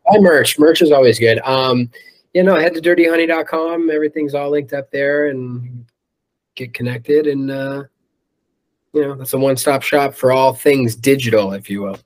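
A medium-pitched man talks at a moderate pace. He sings in a rock band and is chatting casually in an interview, cursing freely and leaning on "um" and "like."

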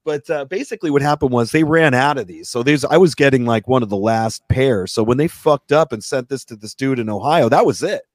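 A man's voice: medium pitch, a little fast, hardly any pauses, no room sound, clean studio sound. A man hosting a radio talk show, telling a long story in a casual, swearing rant and acting out what other people said. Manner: animated, swears, acts out quoted people.

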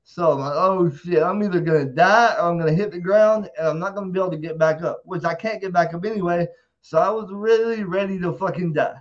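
High-voiced profane man storyteller. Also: fairly quick, muffled recording. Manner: animated, profane, acts out quotes loudly. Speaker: interview guest. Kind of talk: casual storytelling.

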